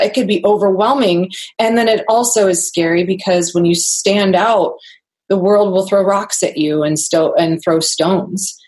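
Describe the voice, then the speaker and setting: A young adult woman as a podcast guest, candidly telling a personal story, earnest and laughing often. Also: medium pitch.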